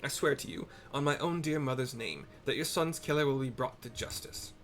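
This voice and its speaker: A man's voice: medium pitch, brisk, fairly bright tone, soft background music, lightly acted. A man voicing a grandiose, self-assured inspector who speaks in florid, old-fashioned formal phrases.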